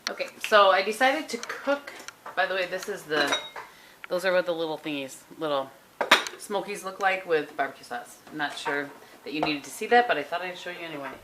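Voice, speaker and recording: A woman, rambling casually through a home vlog from her kitchen. She is chatty and throws in self-deprecating asides. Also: fairly low pitch. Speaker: vlogger. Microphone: handheld compact camera. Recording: noisy home camera audio.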